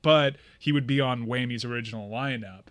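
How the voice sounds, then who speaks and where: A man's voice: medium pitch, fairly quick, no echo. A man from South Florida co-hosting a radio chat, telling stories from his childhood with a chuckle. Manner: reminiscing storyteller, chuckling. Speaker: radio co-host.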